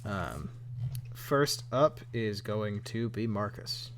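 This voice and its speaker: A man narrating as game master, relaxed and self-deprecating, with lots of ums. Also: on the low side, takes it slowly, a little hiss or hum.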